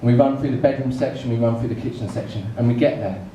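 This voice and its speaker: Stand-up comic in an echoey room. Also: male voice, medium pitch, fairly even intonation, mellow. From England. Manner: storytelling with comic pauses. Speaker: stand-up comedian. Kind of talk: stand-up comedy set. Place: comedy club stage in front of an audience. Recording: echoey room, mic far off, noisy.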